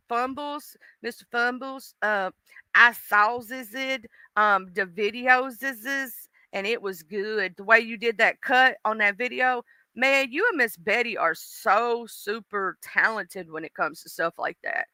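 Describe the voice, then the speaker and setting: A woman's voice: fairly high pitch, sharp tone, dry recording. A woman hosting a livestream, chatting casually and gossiping with viewers, greeting commenters by name with slangy asides. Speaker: livestream host.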